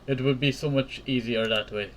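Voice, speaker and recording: A man reading the lines of a guilt-ridden, tearful young woman in a visual novel game, softly and haltingly, in an everyday voice. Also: medium pitch, fairly even intonation, slight background noise, close to an everyday voice. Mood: remorseful.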